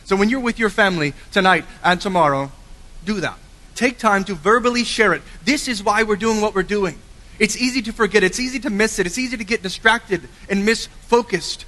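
A man preaching a sermon with earnest emphasis, swinging from forceful lines to quiet, low endings. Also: fairly quick. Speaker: pastor. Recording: long hall reverb.

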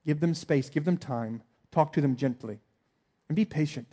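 A man in his thirties, a pastor preaching a sermon in an earnest way, dropping soft and then rising to emphatic appeals. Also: fairly high pitch, moderate pace.

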